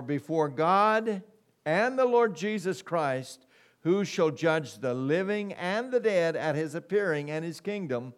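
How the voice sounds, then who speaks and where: A middle-aged man preaching a sermon as pastor, emphatic and calling for "amen" from the congregation. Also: a little high. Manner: slow, emphatic preaching with call-and-response "amen".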